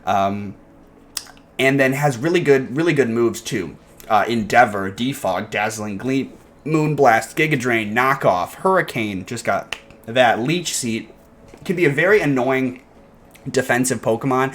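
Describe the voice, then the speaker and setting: A man's voice: mid-range voice, expressive, unhurried, fairly bright tone. A man casually analyzing his game team in a video, enthusiastic and rambling, with frequent fillers and restarts. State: hiccups. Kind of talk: casual commentary.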